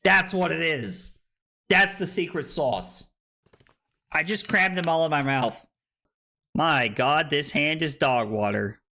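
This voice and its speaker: A tipsy man hosting a card game tournament on his livestream, talking loudly and excitably, swearing freely and laughing often. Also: a little high, takes it slowly, vocal fry, long pauses. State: tipsy from drinking. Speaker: streamer and tournament host. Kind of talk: casual livestream commentary. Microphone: streaming microphone.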